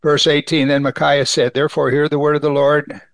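A man with a fairly high, gravelly voice preaches through a scripture passage, reading verses aloud and then talking them over plainly with his listeners. The sound is dry and close. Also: little pitch movement, brisk, dry recording. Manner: reads scripture aloud and comments conversationally. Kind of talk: sermon.

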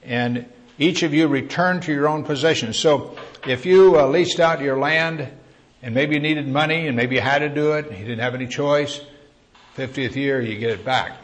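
A man's voice: mid-range voice, normal speed. Man preaching a conversational sermon. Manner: conversational teaching, rising with emphasis on key words; asks the listeners questions. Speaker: pastor.

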